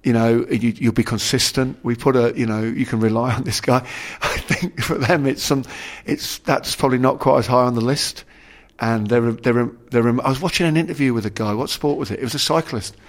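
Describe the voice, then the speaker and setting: A middle-aged man, a former rugby player, talks through his memories as an interview guest. His voice sits at an ordinary middle pitch. He rambles, restarts his sentences and leans on "you know". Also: steady tone, fairly quick, hardly any pauses. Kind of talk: casual conversational interview.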